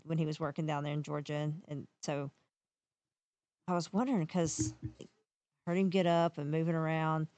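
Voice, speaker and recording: A woman co-hosting a podcast, telling a story in a lively, chatty way. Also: low voice, dry recording. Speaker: podcast co-host. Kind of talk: casual storytelling chat.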